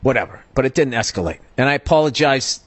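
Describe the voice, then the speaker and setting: A middle-aged man from the United States hosting a podcast, telling a story as a comedic rant, profane, heated and animated. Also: mid-range voice, fast talker. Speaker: podcast host.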